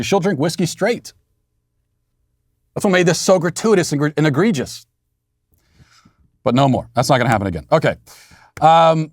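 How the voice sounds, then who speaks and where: A man's voice: mid-range voice, no room sound, studio quality. A man hosting a podcast, telling a story in a sardonic, mock-outraged way. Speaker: podcast host. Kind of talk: casual monologue.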